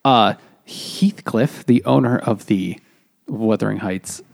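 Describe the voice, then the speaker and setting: A man's voice: fairly low pitch, slow, gravelly, no echo, clean studio sound. A man co-hosting a podcast, retelling a book's plot in loose, profane casual chat. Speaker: podcast co-host. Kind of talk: casual book recap.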